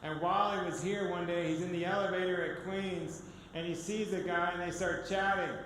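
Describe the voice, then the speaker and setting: A man gives his personal testimony as a guest speaker, telling it as an animated story and acting out the dialogue. His voice sits high and bright. The recording rings with long reverb from a large hall, with a faint hiss behind it. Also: normal speed.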